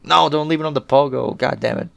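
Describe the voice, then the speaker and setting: A man's voice: medium pitch, fast talker, vocal fry. A man reading a webcomic aloud with casual, profane, chatty commentary. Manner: chatty, profane, laughs often. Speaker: webcomic reader, video host.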